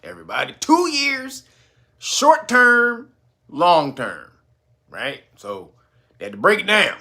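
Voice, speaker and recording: A man hosts his own channel with loose, profane commentary, laughing often, and mocks a stiff, slow talker by dropping into a low voice. His bright, forceful voice swings hugely in pitch.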